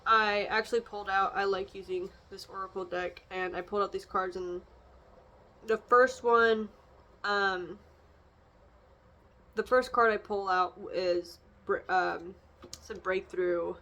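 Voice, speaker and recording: A woman's voice: mid-range voice, steady tone, slow pace, long pauses, fairly bright tone. Rambling young woman, reflective vlog. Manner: rambling, frequent fillers and restarts. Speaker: vlogger doing an oracle card reading.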